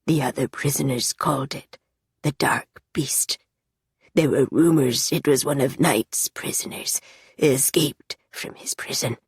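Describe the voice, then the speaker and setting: A woman reading an audiobook, voicing a tormented young male captive in a low, raspy, monotonous half-whisper. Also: very slow, pauses often, no echo, studio quality, full character voice. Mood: haunted. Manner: monotonous, hushed. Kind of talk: audiobook character voice.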